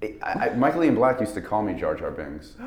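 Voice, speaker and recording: Male actor guest, lively storyteller, pitch that jumps around, roomy echo. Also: a little fast. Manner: animated storyteller, stammers and laughs often. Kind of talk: casual interview chat. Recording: roomy echo, faint noise.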